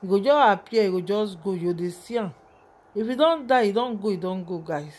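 A woman's voice: medium pitch, expressive, brisk, darkish tone. A woman with a Nigerian accent giving an emotional, rambling vlog commentary on a video, often calling out to her viewers.

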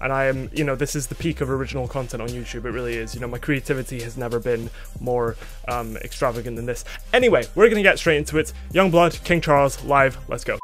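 A man's voice: mid-range voice, quick pace. A young man from Scotland chatting casually as a music reaction host, rambling and self-mocking with plenty of fillers.

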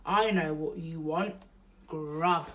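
A woman voicing a rough-talking male burglar who is kindly underneath, drawn out and exclaiming slowly. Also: low voice, far from the mic. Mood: fussing tenderly.

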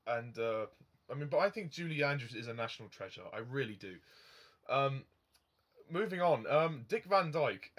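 A man's voice: mid-range voice, fairly bright tone. A young man giving a casual film review, rambling with frequent ums and chuckling at his own remarks.

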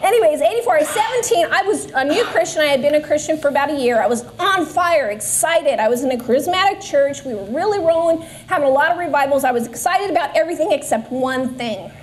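Talking fast with few pauses, a woman in her forties from Southern California gives her faith testimony to a church group in a church classroom. As a Sunday school speaker, her high, animated voice stays earnest while she pokes fun at herself along the way.

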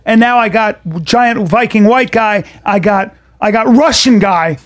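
A middle-aged man with a notably high voice spins a rowdy tale on a podcast. He talks loosely, swears freely and jumps into other people's voices as he goes. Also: measured pace. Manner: animated, profane, acts out other people's voices. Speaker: podcast co-host. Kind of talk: casual storytelling chat.

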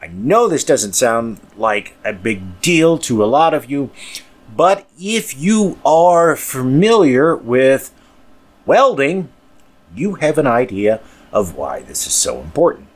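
Man, podcast host, mid-pitched voice, rambling casual talk, crude words, muttered asides. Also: very animated, slow.

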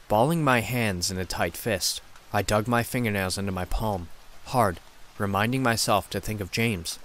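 A man narrating a scary story in a steady, dramatic storytelling manner. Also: fairly low pitch, moderate pace. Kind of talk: scripted horror narration.

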